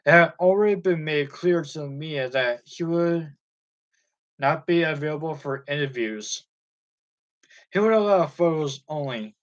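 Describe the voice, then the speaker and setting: A man reading a music biography aloud chapter by chapter, in a steady and even manner. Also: a little high, measured pace, muffled recording. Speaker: audiobook reader.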